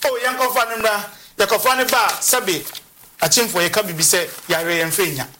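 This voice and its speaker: A lawyer explaining legal process on a talk show, halting and repeating words as they go. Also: medium pitch, noisy background. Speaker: lawyer guest.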